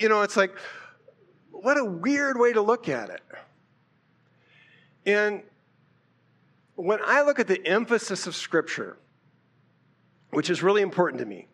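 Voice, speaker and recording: Pastor, male, high voice, easygoing conversational sermon delivery. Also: a little slow, long pauses. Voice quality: conversational, animated preaching with rhetorical questions.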